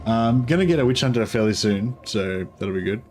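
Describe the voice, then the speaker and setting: A man's voice: fairly low pitch, a little fast, a little hiss or hum. A man giving casual, rambling gameplay commentary as a streamer, with plenty of fillers. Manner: relaxed, rambling, many fillers.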